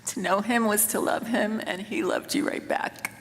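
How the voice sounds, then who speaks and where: A woman in her sixties giving a eulogy for her son in a church, speaking in a tender, halting way with soft rueful laughs. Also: mid-range voice, fairly even intonation, slight background noise. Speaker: mother of the deceased giving a eulogy. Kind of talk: memorial eulogy. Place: church sanctuary. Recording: reverberant church with faint room ambience.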